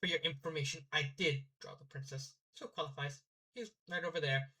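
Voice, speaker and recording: A man's voice: on the high side, steady tone, fairly quick, bright, forceful tone, rough recording. A man voicing a haughty rich young noble girl with a put-on Norse accent, boastful and showy. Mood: smug. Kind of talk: fanfiction reading.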